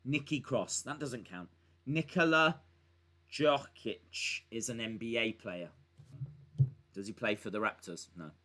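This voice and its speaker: A man's voice: mid-range voice, unhurried, pauses often, pushed and bright. A young man hosting a live stream, reading viewer comments aloud in a playful, mock-baffled, joking way.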